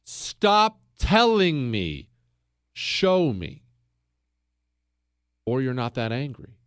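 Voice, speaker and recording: A man's voice: mid-range voice, wildly swooping pitch, extremely slow, smooth, no echo, studio quality. A male talk show host delivering a fiery, opinionated monologue, hammering his points and repeating phrases for punch.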